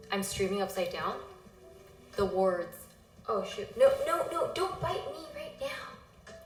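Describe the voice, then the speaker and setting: A woman with a mid-range, fairly bright voice chats casually on a livestream while sick and out of breath, rambling, apologizing and drifting off topic. The room is echoey, with faint music playing behind her.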